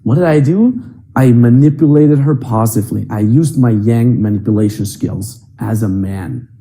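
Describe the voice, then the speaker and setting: A man's voice: mid-range voice, normal speed, mellow. A young adult man coaching other men on dating in a blunt, emphatic and profane way. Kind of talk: coaching monologue.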